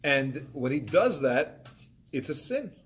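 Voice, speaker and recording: Lively man teaching a Torah class. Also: a little high, slow pace. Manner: animated, acts out excuses in voices.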